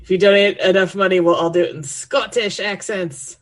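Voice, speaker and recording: Woman cohost rambling on casually, laughs a lot, normal pitch. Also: fairly even intonation, moderate pace. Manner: rambling, chatty, laughs often. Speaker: co-host. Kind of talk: casual chat.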